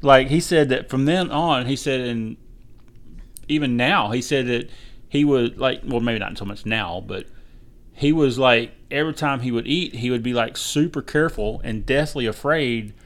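A man's voice: medium pitch, moderate pace. A middle-aged man co-hosting a podcast, telling funny stories in a casual chat and acting out the voices of people he quotes. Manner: relaxed storyteller, acts out quoted voices. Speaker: podcast co-host.

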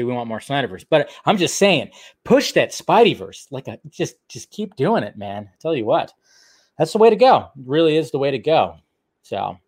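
Rambling man hosting a live stream. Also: on the high side. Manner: rambling, self-deprecating, lots of fillers and restarts. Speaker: solo host of a film news show. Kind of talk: casual live-stream chat.

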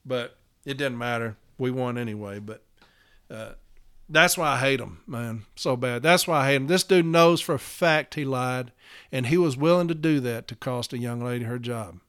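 A man's voice: mid-range voice, moderate pace, fairly bright tone, clear, resonant tone. A man telling a work story in a casual podcast as a union representative, blunt and emphatic, swearing freely.

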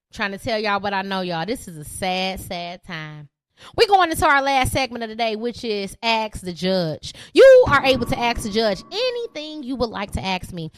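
A woman's voice: sits high, a bit bright, no echo. Woman podcast host, 30s, emphatic repetitive rant, dry close sound.

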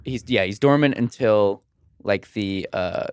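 Lively, low-voiced male podcast co-host. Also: unhurried, smooth, dry recording, studio quality. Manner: animated retelling with laughs and acted-out quotes. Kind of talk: casual movie review chat.

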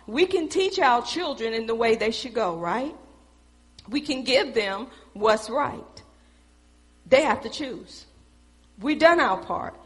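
A woman's voice: on the high side, animated, slow, long pauses, fairly bright tone. Emphatic woman preacher in an echoey church. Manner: conversational, emphatic, addresses the congregation directly. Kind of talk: sermon.

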